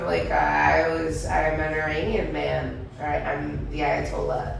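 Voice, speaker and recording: A woman's voice: sits low, completely flat delivery, a little slow, creaky, slight background noise. A young woman comedian in casual chat, joking loosely, swearing and mocking herself. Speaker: comedian guest. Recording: echoey room, mic at a distance.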